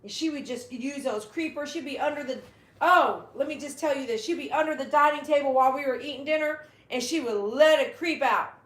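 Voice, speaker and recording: A chatty woman with a fairly high voice hosts a relaxed livestream from home. She talks to her dogs and reads out viewer comments. Her voice rings a little in an echoey room. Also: brisk. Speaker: dog groomer and livestream host. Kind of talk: casual livestream chat.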